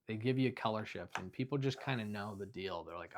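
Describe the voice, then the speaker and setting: Talking quickly with few pauses, this video creator chats off the cuff about his belongings at home. He's a young man with a fairly low voice who keeps rambling, dropping fillers and correcting himself as he goes.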